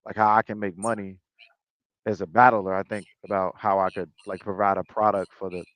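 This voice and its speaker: A man guesting on a video call, talking casually about his work with halting restarts and laid-back slang. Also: sits low, level tone, fairly bright tone, no echo. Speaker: interview guest, battle rapper and league owner. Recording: dull lo-fi video call audio.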